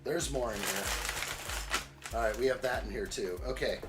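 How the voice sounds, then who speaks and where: A man's voice: mid-range voice, moderate pace, loud music behind the voice. A man hosting a casual live stream, greeting viewers by name in an upbeat way while unboxing and building.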